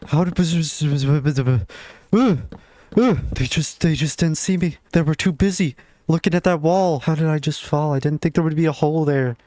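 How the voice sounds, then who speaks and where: A man narrating his own gameplay in a wry, casual way, breaking into jumpy, excitable reactions. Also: a little high, moderate pace, dry recording. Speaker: gaming video creator. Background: background game music.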